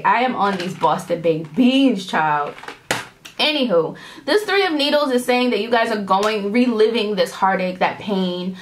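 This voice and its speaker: A woman from New York City giving a casual tarot reading to her viewers. She is animated and rambling, with slang, swearing and big swings in pitch. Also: unhurried, slight background noise. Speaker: tarot reader.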